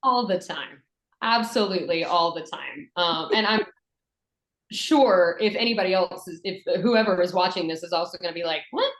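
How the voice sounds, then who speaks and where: A woman from Western North Carolina with a softened Southern accent, a voice actress and dialect coach chatting in an interview with lots of fillers and restarts. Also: on the low side, normal speed, echoey room, poor audio. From Western North Carolina, USA. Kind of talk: conversational interview.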